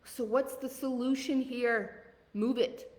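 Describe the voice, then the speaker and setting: A woman with a Southern accent leading a live coaching call in a blunt, energetic, motivational way, asking questions and answering them. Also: on the high side, slow pace, long reverb tail. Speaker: leadership coach.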